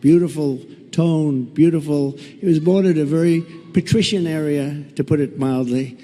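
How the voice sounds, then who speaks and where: A man's voice: fairly high pitch, moderate pace, warm tone. A man giving a campaign rally speech in a large indoor venue, talking in a repetitive, boastful and mocking way. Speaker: political candidate at a rally. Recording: long reverb of a big hall.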